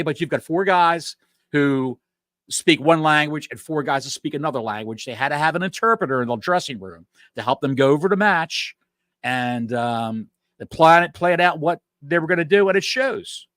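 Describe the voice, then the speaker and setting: Lively, higher-voiced man ranting on a podcast. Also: no echo. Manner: animated, rambling, swears freely. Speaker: podcast co-host. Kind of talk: casual podcast chat.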